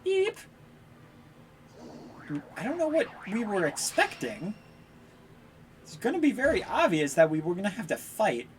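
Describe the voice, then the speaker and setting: A woman's voice: mid-range voice, moderate pace, a little hiss or hum. Playful laughing young woman streamer. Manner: playful, laughing, lively asides. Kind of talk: casual game commentary.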